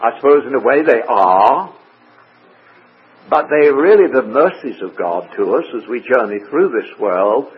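A man teaching through a Bible passage verse by verse, measured and full of rhetorical questions. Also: mid-range voice, slightly rough. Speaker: preacher. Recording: tinny phone-like radio broadcast.

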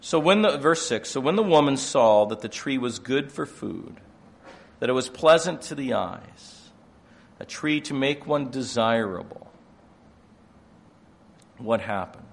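An older man preaching a sermon, moving between quiet explanation and loud, emphatic passages. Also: mid-range voice, lively intonation, a little slow, gravelly, long pauses.

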